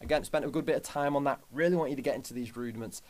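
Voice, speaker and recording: A man's voice: medium pitch, racing. A man teaching a drum lesson, upbeat and chatty, counting out sticking patterns aloud. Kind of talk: instructional lesson. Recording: loud drumming behind voice. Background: loud drums.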